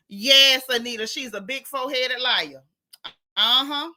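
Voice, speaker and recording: A woman's voice: high-pitched, animated, slow, bright, forceful tone. Sassy Florida woman hosting a live-stream. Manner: sassy, blunt, repeats her punchlines. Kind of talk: live-stream commentary reading chat.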